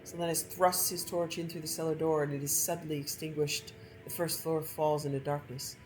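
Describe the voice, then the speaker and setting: A woman gameplay streamer reading a story aloud from a game in a measured, expressive way. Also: low-pitched, faint music behind, low-quality recording.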